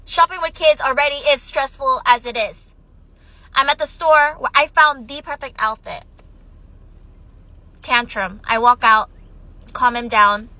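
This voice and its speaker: A woman's voice: on the high side, sharp tone, no room sound, poor audio. A mother telling a personal story in an emotional, shaky voice, close to tears. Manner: tearful, shaky, on the verge of crying. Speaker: mother of young children.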